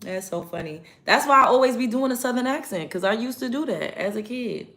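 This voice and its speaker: A woman's voice: a little high, animated, a little fast, bright, forceful tone. A young woman from New York chatting casually with viewers on a livestream while doing her makeup. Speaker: livestream host.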